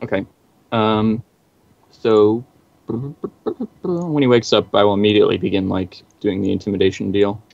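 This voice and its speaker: A laid-back man player in an online tabletop game who loosely describes what his character does. His voice is lowish. It sounds dry through a lo-fi mic. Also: fairly even intonation, measured pace, vocal fry, a little mellow, dry recording. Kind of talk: casual tabletop game chat.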